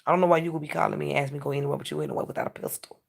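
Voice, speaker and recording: A woman's voice: deep voice, fairly even intonation, very fast. A woman in a casual vlog monologue, ranting and preaching with plenty of profanity. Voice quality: gravelly. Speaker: vlogger.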